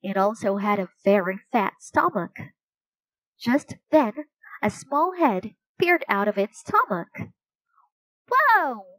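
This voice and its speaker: Slow, gentle woman reading a children's story. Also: mid-range voice, expressive, no room sound, rough recording. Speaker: storybook reader. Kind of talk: children's story read aloud.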